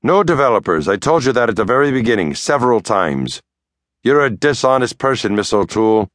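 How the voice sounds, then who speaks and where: A man voicing a young woman who is quiet at first and then blunt and principled. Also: medium pitch, very animated, a little fast, dry recording, clean studio sound, pitched above the performer's own voice. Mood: firm.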